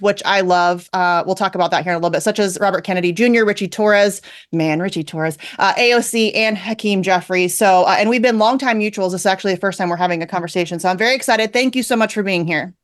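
A woman hosting a talk radio show, chatty and upbeat as she introduces guests and reacts. She talks in a mid-range voice and leans on easy fillers between thoughts. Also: mid-range voice.

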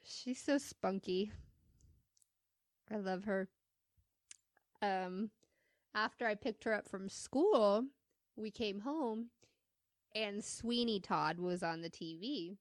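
Animated laughing woman telling stories. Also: mid-range voice, takes it slowly, pauses often, no echo, clean studio sound. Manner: animated, laughs often, acts out quotes. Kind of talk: casual storytelling chat.

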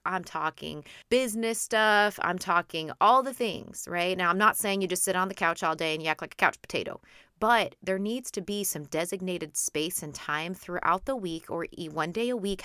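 A woman in her thirties hosts her own podcast as a coach, talking in a chatty, encouraging way and checking in with "okay?" and "right?". Her voice is bright and forward, sitting a little low for a woman. The recording is close and dry. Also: no echo. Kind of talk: casual podcast monologue.

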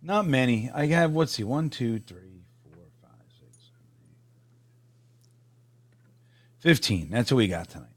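A man's voice: medium pitch, big pitch swings, a little slow, long pauses, no echo. A middle-aged man co-hosting a casual sports chat stream, rambling through stories in a laid-back way. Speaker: podcast co-host.

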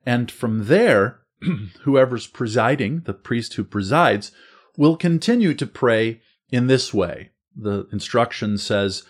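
A man hosting a podcast discussion, walking listeners through the liturgy in a measured, explanatory way. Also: mid-range voice, expressive, breathy edge. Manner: measured, explanatory, slows down to stress points. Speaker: host. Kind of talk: guided walk through the liturgy.

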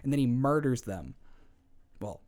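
A man's voice: medium pitch, sing-song, unhurried, darkish tone. A man co-hosting a podcast, retelling a story in a casual, irreverent way with wry asides. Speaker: podcast co-host.

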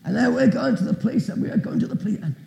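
A man's voice: very high voice, racing, vocal fry, dark tone, reverberant, poor audio. A man preaching as a guest speaker, telling a story with asides and questions to the audience. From Britain. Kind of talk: testimony sermon.

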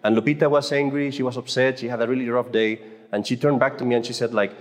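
Speaking quickly at a medium pitch with fairly flat intonation, a man gives a loose, joking faith talk at a Catholic mothers' conference. He keeps stammering and restarting, and the hall around him echoes with long reverb.

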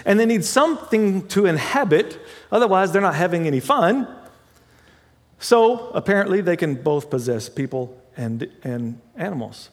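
A man preaching a sermon as pastor, talking through a scripture passage in a conversational way, with asides and quick self-corrections. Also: high voice, big pitch swings, in a large hall.

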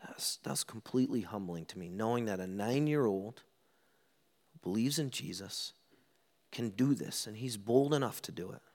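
A middle-aged man preaching a sermon, telling stories and acting out quoted lines with lively ups and downs. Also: on the low side, moderate pace. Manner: animated storytelling, acts out quotes. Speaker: pastor.

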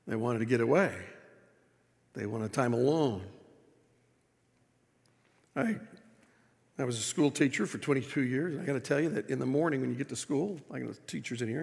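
A man's voice: mid-range voice, creaky, husky. A middle-aged man preaching a sermon as pastor, telling stories in a conversational way and often turning to the congregation with questions. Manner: conversational storytelling, asks the congregation. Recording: echoey church hall.

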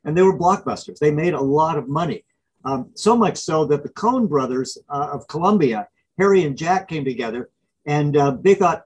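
Husky, slightly high-pitched man telling stories as an interview guest. He talks with lively animation and acts out scenes as he goes. His voice has a breathy edge throughout. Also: normal speed, rough recording. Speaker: author and professor.

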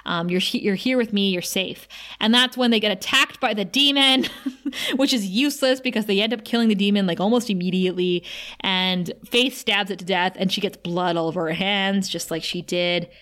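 A woman co-hosting a podcast, recapping an episode in casual chat with animated, giggly asides. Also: mid-range voice, moderate pace. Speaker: podcast co-host.

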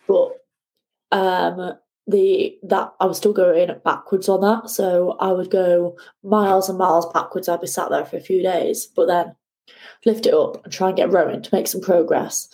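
A woman, a guest telling her ocean rowing story in a lively conversational way. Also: lowish voice, moderate pace, low-quality recording. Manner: animated, acts out shouting at the sea.

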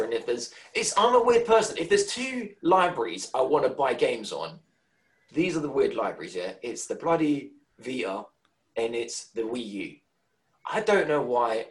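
A British man chatting casually as a podcast co-host. His pitch rises and falls a lot, and he rambles, stumbling and restarting his sentences as he goes. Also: big pitch swings, normal speed, low-quality recording. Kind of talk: casual gaming chat.

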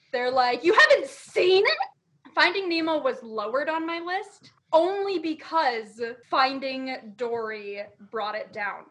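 A woman's voice: high-pitched, a little hiss or hum. A woman co-hosting a casual podcast chat, talking emphatically and swearing freely. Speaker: podcast co-host.

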